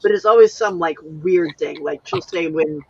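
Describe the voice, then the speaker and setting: A woman's voice: lowish voice, normal speed, highs cut off, a little hiss or hum. Giggly woman hosting a crafting stream. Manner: chatty, giggly, reads viewer comments aloud. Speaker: host of a live crafting stream. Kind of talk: casual chat.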